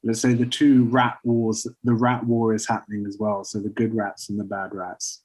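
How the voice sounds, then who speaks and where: A man casually pitching a story idea to friends, rambling with lots of fillers. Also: little pitch movement, normal speed, a little mellow, slightly rough, poor audio. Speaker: podcast co-host pitching a story. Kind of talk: casual chat.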